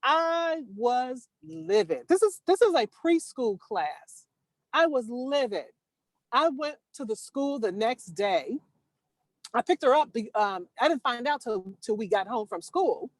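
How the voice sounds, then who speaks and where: A woman telling a personal story over a video call, earnest and halting, restarting her sentences. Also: high voice, lively intonation, no room sound. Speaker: caller sharing a story.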